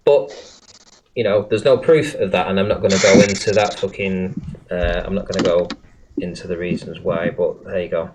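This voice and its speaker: A man's voice: low-pitched, steady tone, normal speed, noisy background. A man hosting a casual livestream, swearing often and hesitating with many fillers. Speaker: livestream host.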